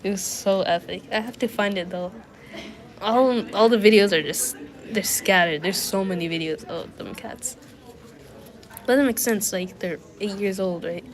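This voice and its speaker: A woman's voice: mid-range voice, normal speed. Congested young woman rambling on a stream. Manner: rambling, filler-heavy, thinking aloud. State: sick, nasal and congested with a cough. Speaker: study livestreamer. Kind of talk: casual chat to a live stream. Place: university building.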